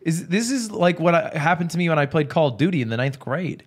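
A young man co-hosting a podcast in casual chat, dry and deadpan as he teases the host. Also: a little high, fast talker, husky. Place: studio, seated beside the host.

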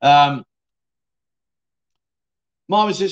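A man's voice: on the high side, lively intonation, moderate pace. Cheeky man hosting a livestream. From United Kingdom. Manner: cheeky, self-mocking, laughs often. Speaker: livestream host. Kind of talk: casual chat reading viewer comments.

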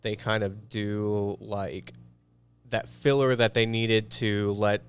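A man on a casual podcast, speaking low and smooth. He explains things in a relaxed way with plenty of fillers. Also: slow pace. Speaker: podcast co-host. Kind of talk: casual chat.

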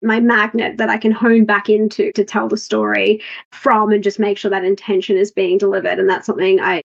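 A woman's voice: mid-range voice, level tone, brisk, vocal fry. A woman hosting a podcast, chatting openly and correcting herself as she shares personal stories. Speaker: podcast host. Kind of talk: casual chat. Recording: slightly dull, lo-fi sound.

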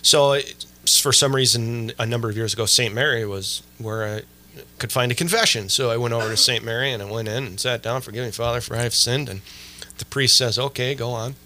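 A man tells a funny family story on a podcast, pitching into excited asides and piling on fillers. His voice has a very bright, forward edge, and a faint hum sits under the recording. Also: a little fast. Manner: animated storyteller, many fillers. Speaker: podcast host. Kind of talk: casual chat.

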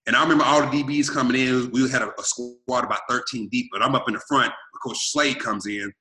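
A man in his thirties from Arkansas, telling his life story in an energetic, emphatic way and acting out what he and others said. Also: medium pitch, roomy sound. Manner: energetic, repetitive and emphatic, quotes himself and others. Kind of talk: animated storytelling.

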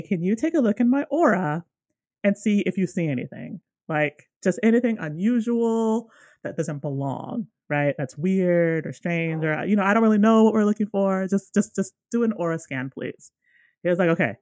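Animated woman telling a story. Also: on the low side, moderate pace, no room sound, studio quality. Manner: animated, many fillers, acts out dialogue. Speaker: podcast co-host. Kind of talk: casual storytelling.

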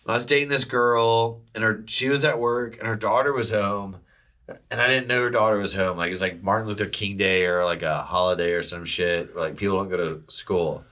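A man swaps stories in relaxed talk among friends. His voice is bright and forceful, and he dives into the tale, switching into the voices of the people he quotes. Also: lowish voice, brisk. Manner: animated storytelling, acts out quoted voices. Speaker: storyteller. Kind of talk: casual chat.

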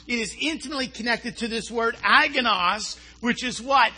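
A man's voice: extremely high pitch, normal speed, bright, forceful tone, husky. A man preaching a sermon who asks rhetorical questions, answers them himself, and often stumbles and repeats his words.

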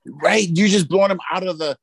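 A man's voice: high-pitched, brisk, vocal fry, a crowd in the background. A man co-hosting a casual chat podcast, agreeing animatedly and restarting his sentences often. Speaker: podcast co-host.

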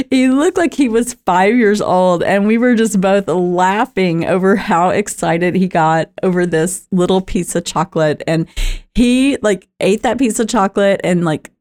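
Middle-aged lady rambling through a personal story, laughs a lot, slightly low voice. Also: vocal fry, a little mellow. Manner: chatty, rambling, laughs often.

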